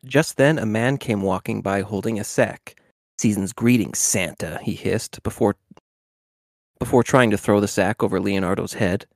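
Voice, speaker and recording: A man co-hosting a podcast, reading a children's book aloud in a steady way, with the odd stumble. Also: lowish voice, moderate pace, creaky, dry recording, studio quality. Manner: steady reading with small slips and restarts. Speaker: podcast co-host.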